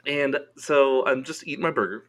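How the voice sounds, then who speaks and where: Male podcast guest, casual storyteller, profane and quick to laugh. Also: medium pitch. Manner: laughing, swearing, animated storyteller.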